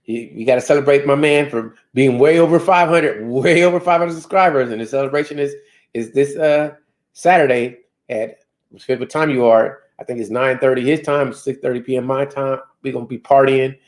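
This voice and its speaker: A man's voice: mid-range voice, normal speed. A man hosting a casual live stream, rambling loosely and laughing at himself. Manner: self-deprecating. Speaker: host.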